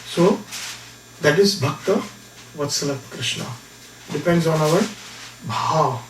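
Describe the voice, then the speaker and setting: High-voiced man telling a story in a lecture. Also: takes it slowly, slight background noise. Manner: animated storyteller who acts out characters. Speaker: speaker. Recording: echoey room from far off.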